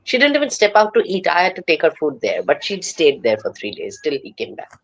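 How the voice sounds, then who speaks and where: A woman's voice: on the low side, huge pitch swings, brisk, lo-fi sound, slight background noise. A woman on a live panel, telling a personal anecdote in a storytelling manner. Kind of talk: casual panel discussion.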